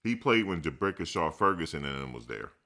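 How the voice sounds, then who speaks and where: Deep-voiced, bright, slangy man riffing. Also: a little fast. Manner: loose and animated, peppered with "dude" and slang, laughs often. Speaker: live stream host. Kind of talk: casual live chat commentary.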